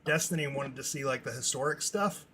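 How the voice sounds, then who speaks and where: A man hosting a podcast, telling stories in casual chat, animated and swearing offhandedly. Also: medium pitch, a little fast, slightly rough. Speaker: podcast host.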